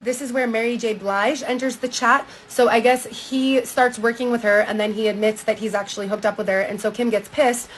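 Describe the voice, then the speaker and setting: A woman's voice: fairly high pitch, steady tone, brisk, hardly any pauses, a little hiss or hum, low-quality recording. A woman giving a breezy, gossipy, casual recap of a book, now and then acting out quotes.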